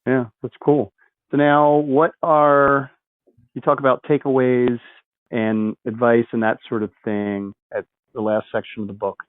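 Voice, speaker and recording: A man's voice: medium pitch, little pitch movement, unhurried, dry recording. Guy hosting a podcast, chatty recaps, dry phone-like audio. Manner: conversational, summarizes guest's points. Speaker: podcast host. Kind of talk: interviewing, casual chat. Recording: dry, tinny phone-like line.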